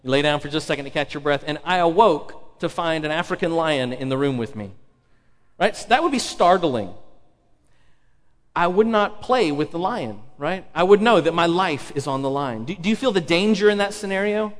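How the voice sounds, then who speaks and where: A male pastor preaches a sermon in a high-pitched voice with lively intonation at a moderate pace. He is emphatic, repeats key phrases, and poses rhetorical questions to the congregation, all carrying a long hall reverb.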